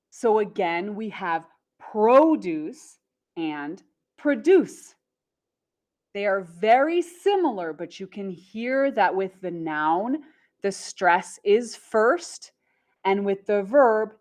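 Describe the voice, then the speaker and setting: A woman teaching an English lesson, repeating words slowly and stressing syllables clearly. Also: on the high side, darkish tone. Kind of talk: slow, carefully enunciated English lesson.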